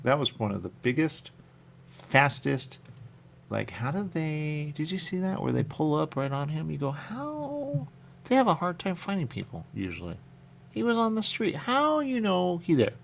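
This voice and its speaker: A man's voice: fairly high pitch, wildly swooping pitch, moderate pace, creaky, a little hiss or hum. A man hosting a radio talk show, rambling casually and thinking aloud with lots of questions.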